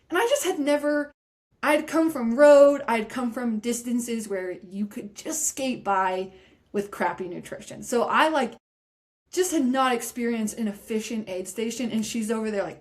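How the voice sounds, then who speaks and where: A woman guest on a podcast, telling a story in a lively way and acting out the voices of people she quotes. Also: a little high, normal speed. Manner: animated, acts out quoted voices. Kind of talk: casual storytelling interview.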